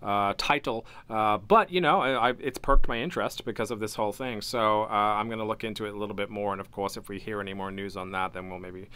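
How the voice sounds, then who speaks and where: Low-voiced man rambling about games. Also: fairly even intonation, quick pace, few pauses, pushed and bright, smooth. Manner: rambling, many fillers and restarts. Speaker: podcast co-host. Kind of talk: casual gaming news chat. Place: home basement studio.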